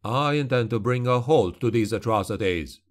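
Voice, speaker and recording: A man voicing a cold, commanding male witch hunter who speaks slowly and with measured authority. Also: medium pitch, animated, natural voice. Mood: stern.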